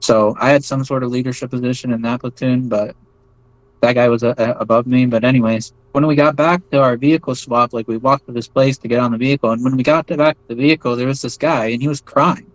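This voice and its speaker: An American man in a relaxed interview, telling his story in a loose, wandering way with lots of "like" and false starts. His voice sits at an ordinary middle pitch. The sound is dry and close, with no room echo. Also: quick pace. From United States. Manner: rambling, many fillers and restarts. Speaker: interview guest recounting experiences. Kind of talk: casual spoken storytelling.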